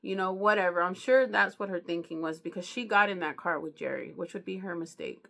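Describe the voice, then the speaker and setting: A woman with a low, gravelly voice retells a true crime book in relaxed, slangy chat. She keeps checking in with the listener and talks as if to a friend. Her delivery is loose and conversational. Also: a little fast. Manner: slangy, chatty, keeps asking "you know what I mean". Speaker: book reviewer. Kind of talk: casual true crime storytelling.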